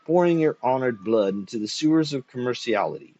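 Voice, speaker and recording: A man's voice: medium pitch, expressive, fairly quick, darkish tone, no room sound, dull audio, natural voice. A man voicing a cruel, grandiloquent old poet on his deathbed, sneering theatrical insults.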